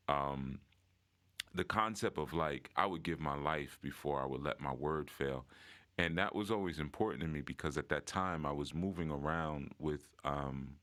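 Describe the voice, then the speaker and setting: A man's voice: very deep voice, fairly bright tone. A man casually sharing reflections in an online group call, conversational with many fillers and restarts. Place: online audio room.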